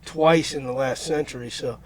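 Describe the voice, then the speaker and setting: A man's voice: mid-range voice, steady tone, moderate pace. A man hosting a podcast, telling a long story in a rambling, folksy way. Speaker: podcast host. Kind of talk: casual chat, anecdote telling.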